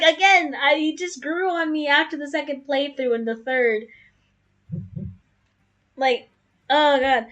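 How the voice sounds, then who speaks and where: A woman's voice: sits high, fairly bright tone, low-quality recording. A young woman reading a dating game aloud at home, breaking off to gush, giggle and fluster over the story. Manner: giggly, gushing, easily flustered. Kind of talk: casual game playthrough reading and commentary.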